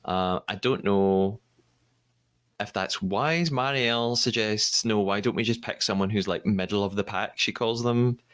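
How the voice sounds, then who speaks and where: A man's voice: lowish voice, a little slow, fairly bright tone. A man hosting a podcast, recapping a TV episode in a chatty, hesitant way with many restarts. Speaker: podcast host. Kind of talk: casual podcast recap chat.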